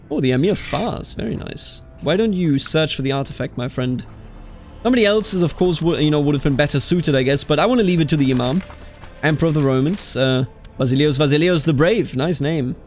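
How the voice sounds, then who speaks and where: Animated man, game commentary over music. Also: a little high. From Bavaria. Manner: animated, exasperated outbursts, calls people dude. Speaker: let's play host.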